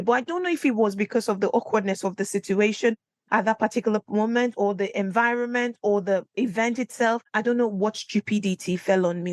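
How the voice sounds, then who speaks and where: Brief: woman podcast host, solo, chatty storyteller who acts out quotes with big pitch jumps, dry close mic. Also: no echo. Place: indoor room, recording at home setup.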